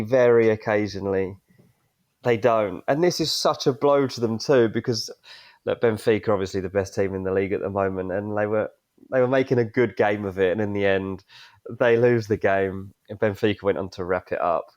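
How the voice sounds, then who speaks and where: A man co-hosting a sports podcast, excitably walking through a blunder, his voice jumping up as he describes it. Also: on the low side, fairly quick, highs cut off. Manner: excitable, voice jumps up while describing. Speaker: podcast co-host. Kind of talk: animated clip breakdown.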